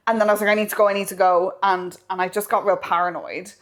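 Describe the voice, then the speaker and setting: Woman podcast co-host, mid-pitched, casual storyteller who acts out dialogue and swears freely. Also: quick pace. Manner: animated, acts out quoted lines, swears casually.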